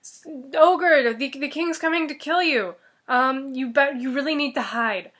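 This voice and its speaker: A woman's voice: sits high, moderate pace, bright, forceful tone. A woman voicing a clever female talking fox who talks persuasively in a casual fairy-tale retelling. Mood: urgent. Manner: persuasive, chatty.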